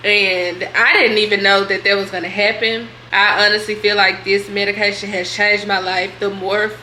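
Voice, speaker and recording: A woman's voice: medium pitch, flat delivery, moderate pace, bright, forceful tone, reverberant, slight background noise. A young woman vlogging a candid question-and-answer session, chatty and slangy. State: tearful at times. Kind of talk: candid vlog Q&A.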